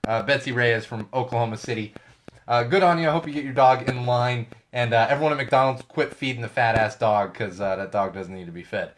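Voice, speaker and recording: A middle-aged man hosting a casual solo podcast from a studio, rambling and correcting himself as he goes, his voice a bit worn and going hoarse. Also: medium pitch, fairly quick, fairly bright tone, a little hiss or hum. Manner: rambling, chatty, self-correcting asides. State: losing his voice. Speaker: podcast host.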